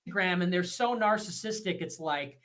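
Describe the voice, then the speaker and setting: Male streamer, bright-toned, rants fast and scornfully with crude language. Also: sits high, lively intonation. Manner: fast, profane, scornful with mocking laughs. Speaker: livestream commentator. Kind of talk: ranting monologue.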